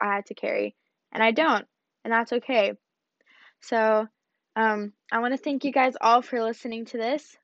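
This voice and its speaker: A teenage girl giving a lively personal storytelling talk, acting out the dialogue and using "like" a lot. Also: on the high side, no room sound. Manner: animated, acts out dialogue, many fillers like "like". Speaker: speaker sharing a personal story. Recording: dull lo-fi dry recording.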